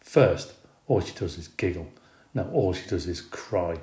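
A man's voice: deep voice, expressive, unhurried, darkish tone, echoey room. A man voicing a stubborn schoolgirl who insists on her innocence and snaps back sharply in a storybook reading. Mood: muttering. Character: stubborn schoolgirl, defensive and spiteful.

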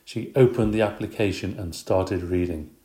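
A man's voice: low-pitched, normal speed, roomy sound. Man reading a children's story aloud. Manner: lively, expressive. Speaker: narrator.

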